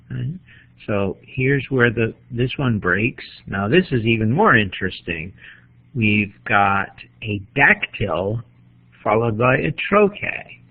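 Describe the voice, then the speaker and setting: Tinny-sounding New lecturer. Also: male voice, fairly low pitch, slightly rough. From New England. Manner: measured, explanatory, pauses to think. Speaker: literature teacher. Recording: tinny phone-like lo-fi recording.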